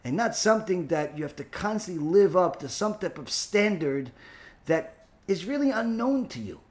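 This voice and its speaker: A man's voice: sits high, lively intonation, moderate pace. A man who is a rabbi, giving an informal spoken lecture, rambling with many fillers and turning emphatic and scolding. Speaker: rabbi and teacher.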